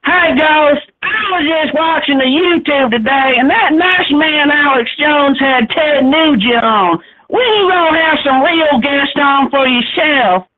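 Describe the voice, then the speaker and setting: A mocking male caller on a radio comedy show, his voice pitched very high. He needles the host provocatively. The sound is thin, like a phone line. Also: expressive, unhurried, few pauses. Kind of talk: prank call-in banter.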